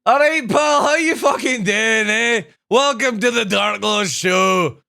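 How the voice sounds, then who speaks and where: A man putting on a broad Scottish accent to play a loud, foul-mouthed Scottish show host during a live stream. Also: sits high, slow pace, vocal fry, clean tone, pitched above the performer's own voice, exaggerated voice. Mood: rowdy. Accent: put-on broad Scottish. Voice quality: loud, brash, swearing.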